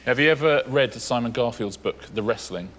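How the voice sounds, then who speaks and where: A man's voice: medium pitch, normal speed, fairly bright tone, slight background noise. A man co-hosting a TV quiz show, chatty and enthusiastic as he explains the answers. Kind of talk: game show chat. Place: TV studio.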